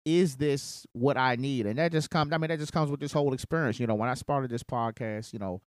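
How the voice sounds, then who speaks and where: A man's voice: medium pitch, a little fast. A man hosting a podcast in casual, profane chat, leaning on "you know what I'm saying.". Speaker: podcast host. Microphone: studio condenser mic.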